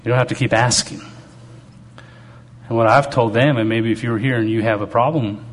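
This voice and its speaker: A man's voice: medium pitch, steady tone, moderate pace. Man preaching a humorous testimony. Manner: humorous storytelling, conversational. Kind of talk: testimony-style sermon.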